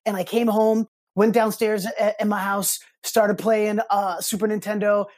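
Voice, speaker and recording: A man telling a personal story as a podcast guest, animated and expressive, slipping into other people's voices as he recounts them. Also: high voice, measured pace. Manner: animated, acts out quoted voices in his stories. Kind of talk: casual storytelling interview.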